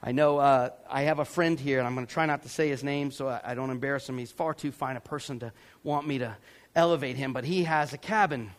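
A man from Georgia, preaching a sermon as a pastor, telling a story with animated acted-out voices. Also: medium pitch, fast. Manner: animated, acts out voices and yells for effect.

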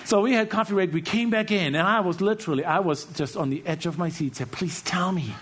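A man from Germany with a German accent, giving an earnest testimony that swings from hushed lines to loud bursts. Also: sits high, quick pace. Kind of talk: testimony sermon.

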